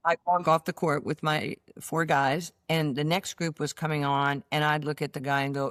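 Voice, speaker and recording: This is a deep-voiced woman in her sixties who talks at normal speed with hardly any pauses, recorded in clean studio sound with no room sound. An American former basketball player with a New York accent, she's a guest in a casual storytelling interview, acting out voices as she animatedly recounts anecdotes.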